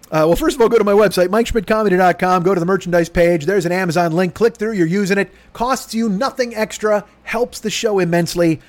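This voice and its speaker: A man in his fifties hosting his own podcast at home, voice hoarse from yelling, rambling with profane, self-mocking comic patter. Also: high-pitched, quick pace, few pauses. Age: 50s. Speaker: podcast host. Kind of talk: casual solo podcast monologue. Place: home room with air conditioner.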